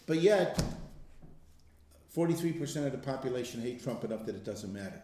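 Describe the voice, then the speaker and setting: Emphatic man in an echoey room. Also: medium pitch. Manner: animated storyteller, emphatic slow stresses. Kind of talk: casual testimony talk.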